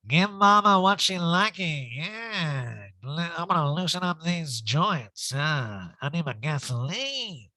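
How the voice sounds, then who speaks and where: A man doing a loose, crude reality-TV woman, high drawl, bright edge. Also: animated, slow, hardly any pauses, no room sound, heavily acted. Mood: tipsy brash. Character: tipsy brash reality-TV woman, crude jokester.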